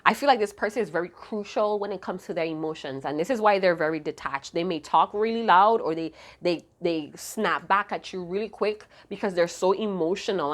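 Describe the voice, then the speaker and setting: A woman giving a casual tarot reading to her viewers, chatty and profane with lots of slang, her voice a little hoarse. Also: medium pitch. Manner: chatty, slangy and profane, hums song snippets. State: slightly hoarse, losing her voice. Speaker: tarot card reader.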